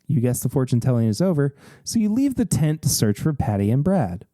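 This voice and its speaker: A man hosting a podcast, reading a gamebook aloud in a lively, expressive way. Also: medium pitch, fairly quick, no echo. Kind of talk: animated story reading.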